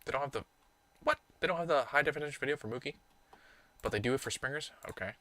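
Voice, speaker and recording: A fast-talking man with a mid-range voice hosts a livestream, reacting with excitement to baseball and grumbling at himself as he sorts video clips.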